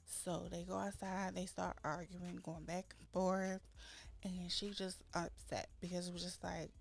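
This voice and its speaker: A woman's voice: fairly low pitch, steady tone, measured pace, creaky. A woman hosting a let's-play, chatting casually as she narrates her game and acts out her characters' lines with dramatic flair. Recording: faint background music.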